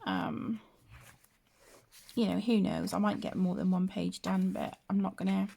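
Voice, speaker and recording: A woman hosting a colouring vlog, soft-spoken and gushing, often dropping to a whisper, tired from broken sleep. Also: medium pitch, fairly even intonation, measured pace, creaky, slight background noise. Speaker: colouring channel host. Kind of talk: casual show-and-tell vlog.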